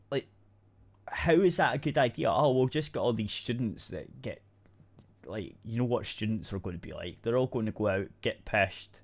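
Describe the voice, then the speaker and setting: Low-voiced man ranting bluntly. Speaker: podcast co-host. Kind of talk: casual chat.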